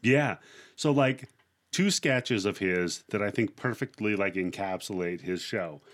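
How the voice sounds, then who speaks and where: A man's voice: on the low side, a little slow, fairly bright tone. A man on a casual podcast, telling stories animatedly and acting out the people in them. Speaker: podcast co-host. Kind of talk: casual chat.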